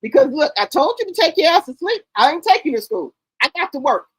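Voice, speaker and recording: Woman stream host with a high voice; animated, profane storyteller who keeps laughing. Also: fast talker, poor audio. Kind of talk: casual chat on a live stream.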